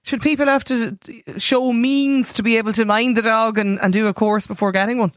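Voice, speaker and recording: A woman hosting a radio phone-in, chatty and quick to agree with callers. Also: a little high, steady tone, no room sound. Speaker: radio host.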